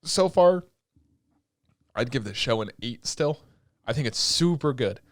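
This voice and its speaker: A man's voice: medium pitch, a little slow, dry recording, clean studio sound. Rambling young man recapping anime. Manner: rambling and excitable, heavy filler words, swears freely. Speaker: podcast co-host. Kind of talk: casual chat recapping anime episodes.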